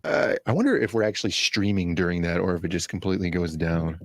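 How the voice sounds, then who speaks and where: A man's voice: deep voice, expressive, quick pace, gravelly, no echo, clean studio sound. A man co-hosting a casual live-stream chat, rambling wryly with many fillers. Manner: rambling, filler-heavy, wry. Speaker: co-host.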